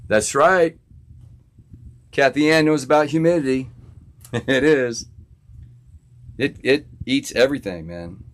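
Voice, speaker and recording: Hosting a live stream from his home studio, a musician from Florida chats with viewers in an easygoing manner, laughing often. His voice is mid-range.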